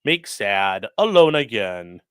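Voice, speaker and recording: A man voicing a sad grown man who speaks in broken, childlike sentences, halting and whiny. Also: lowish voice, very animated, clean tone, dry recording, clean studio sound, pitched below the performer's own voice. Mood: mopey.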